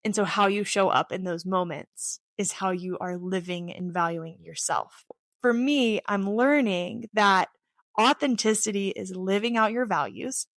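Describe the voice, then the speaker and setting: A woman's voice: medium pitch, a little slow, fairly bright tone, no room sound, studio quality. A woman in her thirties speaking casually to camera about personal growth, earnest and open, drifting into tangents with self-deprecating humor. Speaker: athlete sharing reflections on her channel. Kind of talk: casual reflective talk to camera.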